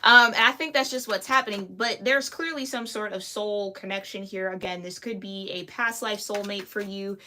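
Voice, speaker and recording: Bright-voiced chatty woman tarot reader. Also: mid-range voice, normal speed, few pauses, slight background noise. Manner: chatty, laughs often, slangy. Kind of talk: casual tarot reading podcast.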